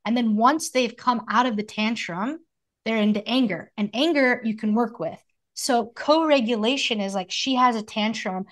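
A woman's voice: fairly high pitch, moderate pace. Earnest woman talking about parenting. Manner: reflective, earnest, speaks in flowing thoughts. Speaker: podcast co-host. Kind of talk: casual conversation.

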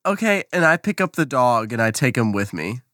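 A man's voice: mid-range voice, big pitch swings, brisk, sharp tone, no echo. Male player, eager, stammering, dry close mic. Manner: eager, stammering, laughing often. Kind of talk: casual tabletop role-play.

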